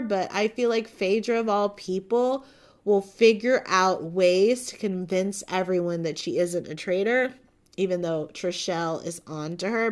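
A woman hosts a casual reality-show recap in an unhurried, chatty way. Her voice sits at a middle pitch, and she gushes freely, filling her sentences with casual fillers. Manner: chatty, gushing, many fillers like "like" and "um". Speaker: podcast host reviewing a reality show.

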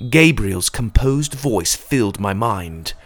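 Guy reading a fantasy story aloud, low voice, swoops around a lot, dramatic. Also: animated, takes it slowly, noisy background. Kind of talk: first-person storybook narration.

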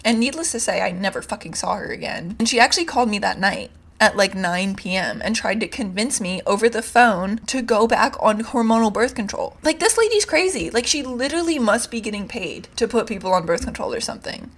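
A woman's voice: medium pitch, brisk, hardly any pauses, a bit bright. Young woman, podcast host, casual storytelling, candid, exasperated, swears.

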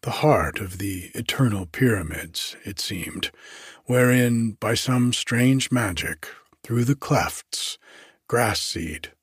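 A man giving a measured first-person reading of a literary story as an audiobook narrator. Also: on the low side, lively intonation, slightly rough, no echo, clean studio sound.

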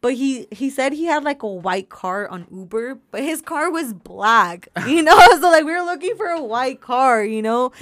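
Young woman, slightly high voice, animated casual storyteller, heavy "like" filler, dry close sound. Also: normal speed, hardly any pauses, dry recording. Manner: animated storyteller, heavy use of "like", laughs often.

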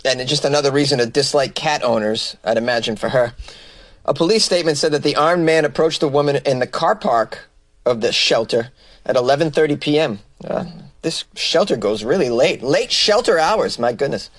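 A man's voice: medium pitch, fairly quick, no echo. A man hosting a comedy news podcast, reading odd stories and riffing on them with sarcastic asides.

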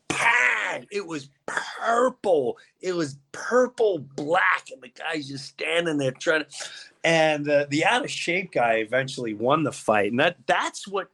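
A man's voice: fairly high pitch, vocal fry, a little hiss or hum. A man hosting a podcast, telling a story in casual chat and acting out the people in it. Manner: animated, acts out voices in his stories. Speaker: podcast host.

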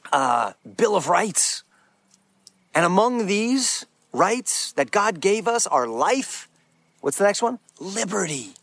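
A man's voice: high voice, a bit bright, dry recording. A man giving an earnest, emphatic preaching talk as a Christian speaker, restarting his phrases often.

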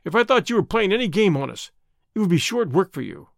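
A man voicing a gruff, menacing middle-aged gang boss who questions bluntly in an audiobook reading. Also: high voice, very animated, quick pace, dry recording, studio quality, full character voice.

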